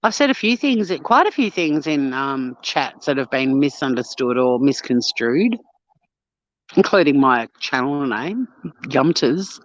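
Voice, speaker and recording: A woman's voice: very deep voice, big pitch swings, takes it slowly, no echo, highs cut off. An Australian woman chatting casually on a walk for her vlog, blunt and sweary, telling stories with lots of animation. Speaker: vlogger. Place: outdoors on a walk.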